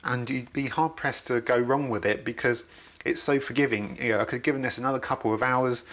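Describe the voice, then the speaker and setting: A man's voice: medium pitch, fairly even intonation, fairly quick, fairly bright tone. A man, chatting enthusiastically while he cooks in his home kitchen for a video. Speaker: cooking vlogger. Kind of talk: casual cooking demonstration.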